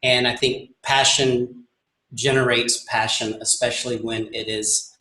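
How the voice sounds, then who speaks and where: A man co-hosting a podcast, speaking in a measured, sincere way. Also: mid-range voice, flat delivery, bright, forceful tone, echoey room, poor audio. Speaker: podcast co-host. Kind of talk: casual podcast chat.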